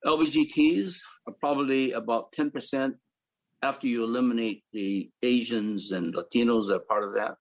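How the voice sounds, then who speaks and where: An older man from the Philippines, calmly telling his life story as a panel speaker. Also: mid-range voice, moderate pace, low-quality recording. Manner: reflective, matter-of-fact storytelling. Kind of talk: personal storytelling.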